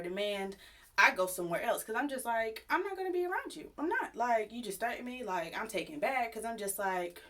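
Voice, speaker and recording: A young woman telling a personal story to her viewers in a chatty, animated, sassy way. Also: on the high side. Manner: chatty, animated, sassy retelling with acted quotes. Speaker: YouTube storyteller. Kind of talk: casual storytime vlog.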